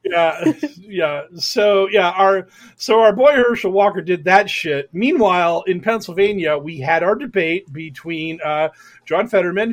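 Hosting a casual political podcast, a young man gets sarcastic and swears, stumbling and restarting as he builds into angry rants. He speaks at a measured pace in a high-pitched voice with lively intonation.

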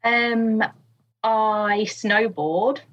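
Giggly husky woman, lo-fi sound. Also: on the high side, steady tone, drawn-out words, fairly bright tone. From England. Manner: giggly, hesitant with fillers. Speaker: podcast guest. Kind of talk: casual chat.

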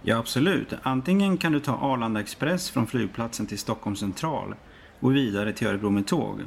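A man playing a helpful airport information desk clerk who talks fast in a scripted practice dialogue. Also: medium pitch, gravelly, a little hiss or hum, close to an everyday voice. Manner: fast, matter-of-fact helpfulness.

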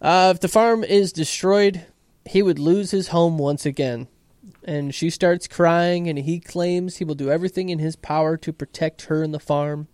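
A man's voice: fairly high pitch, fairly even intonation, normal speed, a little mellow, clear, resonant tone, no echo, clean studio sound. A man co-hosting a podcast, recapping an episode in a laid-back way with swearing asides. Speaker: podcast co-host.

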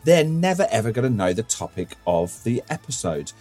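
A man hosts a casual podcast in a lowish voice, rambling through stories and swearing freely. He laughs often. Faint music plays behind him. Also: very animated, moderate pace, darkish tone. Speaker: podcast host.

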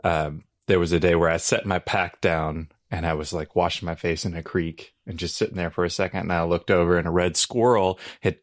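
Deep-voiced man telling a story. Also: brisk, hardly any pauses, no echo, studio quality. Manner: relaxed storyteller, jokey asides. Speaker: podcast co-host. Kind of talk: casual chat.

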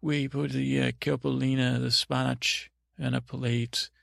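A man hosting a podcast, telling a rambling bedtime story in a meandering, halting way, with lots of restarts and fillers. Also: mid-range voice, flat delivery, gravelly, a bit bright, no room sound, studio quality.

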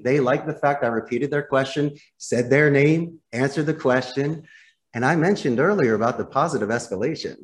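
A man speaking as a guest in an interview, explaining in an animated, coaching way and addressing the host directly. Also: a little high. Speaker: call center executive, interview guest.

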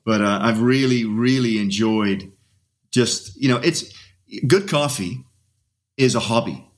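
A man's voice: medium pitch, measured pace. A man, a coach appearing as a podcast guest, chatting loosely and enthusiastically with lots of fillers. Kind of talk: casual interview chat.

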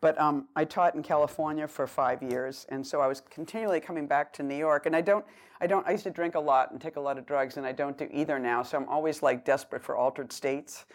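A middle-aged woman with a Boston accent gives a poetry reading, declaiming her poems and then chatting in a halting, rambling way between them. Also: low-pitched, fairly even intonation. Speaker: poet.

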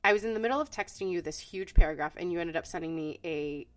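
A woman's voice: fairly low pitch, fast. A woman co-hosting a podcast in casual chat, blunt and frank and swearing freely. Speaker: podcast co-host.

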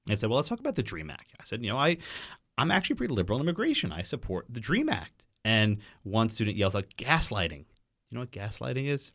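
A man, a guest in a podcast studio, telling a story in an animated way and acting out what other people said. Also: medium pitch, quick pace. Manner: animated, quotes people in changing voices.

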